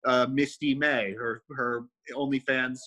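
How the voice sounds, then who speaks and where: A man's voice: mid-range voice, fairly even intonation, unhurried, sharp tone, rough recording. A man co-hosting a podcast, chatting casually in a rambling way and laughing often. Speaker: podcast co-host. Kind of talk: casual chat.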